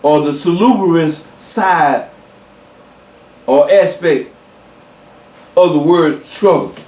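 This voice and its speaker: Slow-preaching man in an echoey room. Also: fairly high pitch, a little mellow, recorded from a distance. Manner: slow, emphatic preaching with repetitions and fillers. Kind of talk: sermon.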